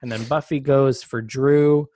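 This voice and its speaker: A man's voice: mid-range voice, steady tone, a little slow, dark tone, no room sound. Chatty man recapping a show, dry mic. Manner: chatty, retells scenes by acting out quotes. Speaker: podcast co-host. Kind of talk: casual chat recapping a TV episode.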